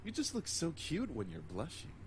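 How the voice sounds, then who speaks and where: A man's voice: a little high, huge pitch swings, normal speed, crowd noise. A man playing a flirtatious incubus charmer. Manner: smooth, teasing, flirtatious.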